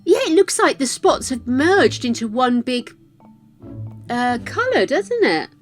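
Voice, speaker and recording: A woman's voice: sits high, very animated, measured pace, soft background music. A woman hosting a livestream, chatting casually with viewers, laughing often and greeting them by name. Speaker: livestream host.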